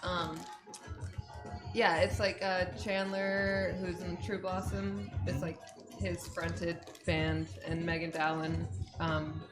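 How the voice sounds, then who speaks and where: A woman's voice: fairly low pitch, level tone, takes it slowly, roomy sound, over music. A woman musician chatting casually, rambling and laughing as she talks. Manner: rambling, laughs often, trails off. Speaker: musician guest. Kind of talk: casual chat on a livestream.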